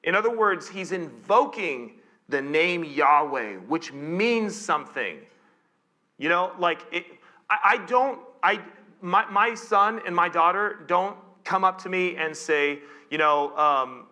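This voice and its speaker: A man's voice: sits high, animated, unhurried, bright, forceful tone. A male pastor preaching a conversational sermon in church, with playful asides and frequent self-corrections.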